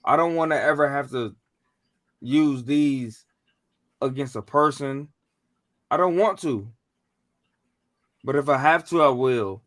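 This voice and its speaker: A man's voice: mid-range voice, slow pace, pauses often, fairly bright tone, no room sound, studio quality. A man co-hosting a podcast, talking in slangy, emphatic casual chat with some swearing. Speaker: podcast co-host.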